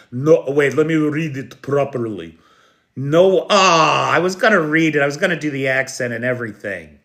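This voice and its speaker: A man's voice: fairly high pitch, expressive, normal speed, fairly bright tone. An American man hosting a live news stream, blunt and sarcastic, who swears now and then and talks directly to his chat viewers. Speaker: livestream news host. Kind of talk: unscripted live news commentary.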